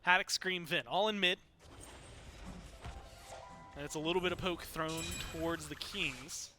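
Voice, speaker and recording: A man giving excitable play-by-play commentary on an esports match, his voice climbing on the big plays. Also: on the high side, a little slow, music in the background. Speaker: esports caster.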